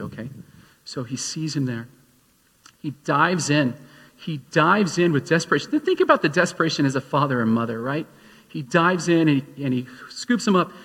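A male pastor delivering a sermon, moving from storytelling into emphatic appeals. His voice sits a little high and has a husky edge. It rings out with a long reverb, as if he is in a large hall. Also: a bit bright. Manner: storytelling, rising to emphatic exhortation.

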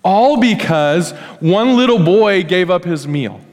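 Animated male pastor in an echoey hall. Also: high-pitched, takes it slowly. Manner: animated, conversational storytelling with acted-out quotes. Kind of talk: sermon. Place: church hall.

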